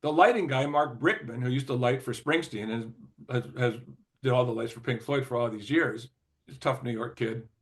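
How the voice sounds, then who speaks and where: An older man recounts a story in a loose, conversational way, his voice sitting in an ordinary middle register. He circles back with "you know" and false starts, clears his throat often and breaks into laughter as he goes. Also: medium pitch, moderate pace. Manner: lively, laughs often, many "you know" fillers and restarts. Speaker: interview guest, former record executive.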